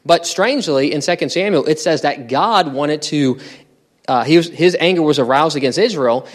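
A man as pastor preaching a sermon in a conversational teaching style, asking the congregation rhetorical questions. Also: on the high side. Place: church.

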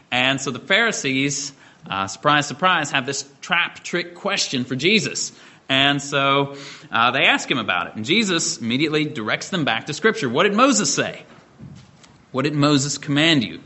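A middle-aged man delivers an expository sermon, walking his listeners through the scripture step by step. His voice is bright and forward, at an ordinary pitch for a man. He talks in a measured way, now and then pausing on a filler or restarting a phrase. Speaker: preacher.

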